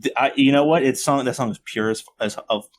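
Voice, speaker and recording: A man's voice: mid-range voice, fairly quick. A man co-hosting a podcast in casual chat, jokey and sweary, often trailing off and repeating himself. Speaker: podcast co-host.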